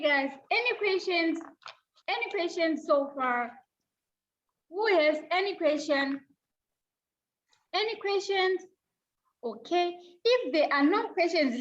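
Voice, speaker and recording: A woman teacher giving an online class over a video call, slowly repeating each point for young pupils. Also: very high voice, dull audio.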